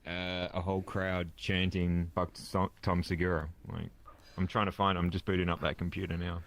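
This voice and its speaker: A man's voice: low voice, monotone, normal speed, vocal fry, a bit bright, slight background noise. A man on a podcast, making offhand, mumbling asides. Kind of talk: casual podcast chat.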